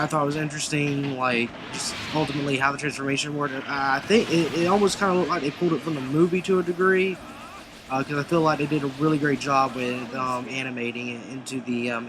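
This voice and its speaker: A man casually recapping anime episodes in a rambling way, full of fillers and restarts. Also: medium pitch. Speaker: anime reviewer.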